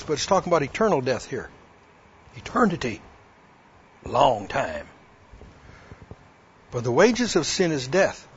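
A man with a slightly high, husky voice gives a personal testimony. He acts out both sides of an old conversation and reads verses aloud. The recording sounds dull and lo-fi. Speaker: speaker giving a personal testimony. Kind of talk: personal testimony told to a women's audience.

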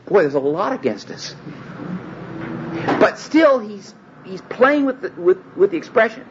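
A man's voice: high-pitched, very animated, normal speed, pauses often. A man giving an expository Bible lecture, emphatic and often stopping to restart his sentences. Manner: emphatic, hesitant with many restarts. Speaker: Bible teacher. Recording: dull lo-fi recording with faint room hum.

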